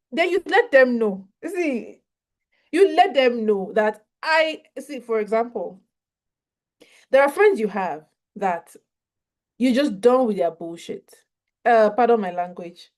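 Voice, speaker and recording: A woman giving a mental health training session on a video call, talking in a lively, conversational way and acting out short dialogues. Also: on the high side, slow. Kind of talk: online training talk.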